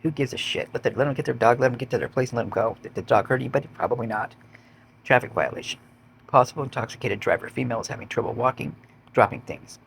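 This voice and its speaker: Man, gravelly voice, reads police reports aloud, blunt running commentary, curses. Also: medium pitch, fast talker, fairly bright tone, a little hiss or hum. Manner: blunt, swears when indignant. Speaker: vlogger. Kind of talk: reading police logs with commentary.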